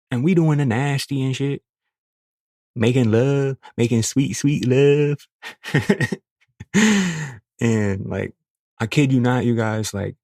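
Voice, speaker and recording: A young man, hosting a podcast and telling a crude, profane story in a casual, animated way. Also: fairly low pitch, gravelly, no room sound, studio quality. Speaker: podcast host.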